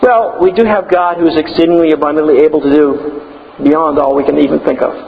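A man preaching a sermon, emphatic and building to loud declarations. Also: on the high side, steady tone, fairly quick, creaky, long reverb tail, phone-quality sound, slight background noise.

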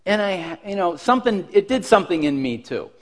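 Man, pastor, high voice, sermon storytelling, animated, self-mocking, laughing while telling. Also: fairly quick.

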